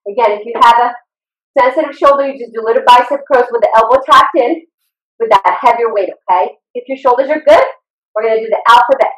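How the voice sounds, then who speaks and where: A woman fitness instructor leading a live online workout class over a video call. She exercises along as she coaches and sounds out of breath, giving steady, encouraging cues. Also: on the high side, fast talker. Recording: roomy sound from away from the mic.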